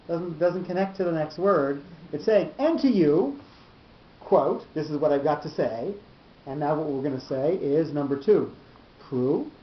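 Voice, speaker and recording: A man teaching a Torah study class, explaining slowly and often repeating his words. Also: fairly high pitch. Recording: roomy lo-fi class recording.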